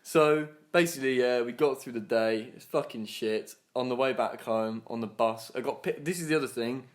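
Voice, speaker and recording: A young man in his twenties rambles through a story on a casual podcast, swearing freely and laughing as he goes. He slips into other people's voices to act out what they said, at a middle pitch. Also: moderate pace. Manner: acts out other people's lines in his retelling. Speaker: podcast co-host.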